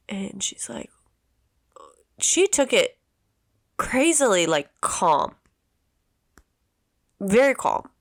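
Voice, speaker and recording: A woman in her thirties, a podcast host telling a personal story in an emotional, halting way with many restarts. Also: medium pitch, big pitch swings, no room sound, studio quality. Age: 30s.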